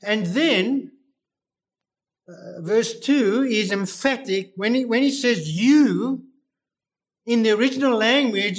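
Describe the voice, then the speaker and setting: A man preaching a sermon, reading scripture and explaining it with slow, deliberate emphasis. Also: high-pitched.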